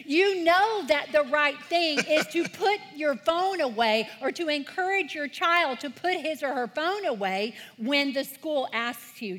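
A woman's voice: high-pitched, fairly bright tone. A woman leading a church talk for kids and parents, earnest and encouraging, calling the congregation to read scripture aloud with her. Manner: leads call-and-response scripture reading. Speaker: children's ministry leader.

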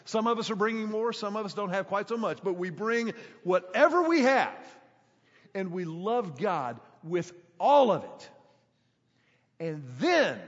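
A middle-aged man, preaching a sermon as a pastor, telling a story emphatically and stretching key words slowly for drama. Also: high-pitched. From Houston, Texas. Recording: echoey hall, dull sound.

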